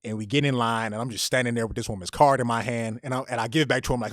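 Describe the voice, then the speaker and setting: A man telling a personal story on a podcast, animated and often repeating words as he goes. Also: medium pitch, racing, hardly any pauses, dry recording, studio quality.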